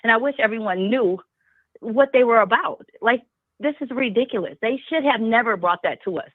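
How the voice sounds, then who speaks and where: This talk-show caller has a fairly high voice and a moderate pace, speaking with passion and throwing out one rhetorical question after another. The recording is dry, coming through a tinny phone line.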